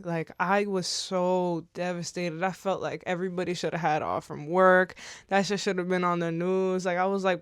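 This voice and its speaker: A woman in her twenties vlogs candidly to camera, rambling in slangy speech with swearing and occasional tears. Her voice is lowish and smooth at a moderate pace, in a studio-quality recording with no room sound.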